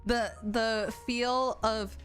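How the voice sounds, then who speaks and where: A woman's voice: fairly high pitch, fairly even intonation, very slow, fairly bright tone. A young adult woman streaming a game, chatting casually in a playful, teasing way and laughing often. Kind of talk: casual gameplay chat. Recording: stream with music underneath.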